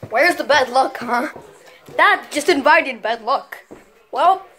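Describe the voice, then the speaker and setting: A woman with a slightly high voice talks straight to camera in a loose, chatty vlog style. She rambles and sidetracks herself, bouncing from excited bursts to muttered comments. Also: takes it slowly. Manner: chatty, rambling, jumps between excited and mumbled asides. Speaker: vlogger. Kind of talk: casual chat to camera.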